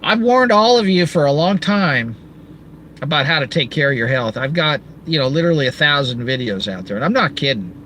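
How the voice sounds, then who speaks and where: A middle-aged man hosting his own channel, ranting in an animated, sarcastic monologue with shouted outbursts. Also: a little high, brisk, a little hiss or hum, rough recording. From Southern California. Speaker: channel host.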